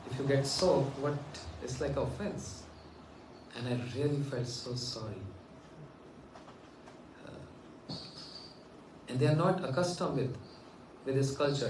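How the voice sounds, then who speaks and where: A man from India giving a devotional talk, telling a story gently and earnestly and voicing the people in it. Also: medium pitch, unhurried, long pauses, noisy background. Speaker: spiritual teacher. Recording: echoey room, mic at a distance.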